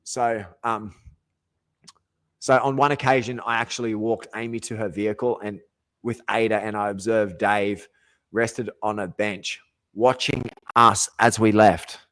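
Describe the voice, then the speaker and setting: A man's voice: fairly low pitch, steady tone, measured pace, fairly bright tone, dry recording. A middle-aged Australian man hosting a podcast, ranting in an aggrieved, profane monologue and often breaking off mid-sentence. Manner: profane, aggrieved, self-interrupting. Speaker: podcast host.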